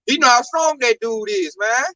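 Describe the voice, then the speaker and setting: A man with a high, bright voice speaks at a moderate pace in a casual religious discussion. He's emphatic and slangy, telling stories with animation, captured dry on a distant mic.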